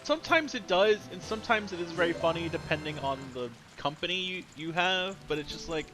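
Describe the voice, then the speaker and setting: Lively casual male streamer. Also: sits high, brisk, over music. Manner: rambling, self-correcting, lively. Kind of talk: casual gaming stream chat.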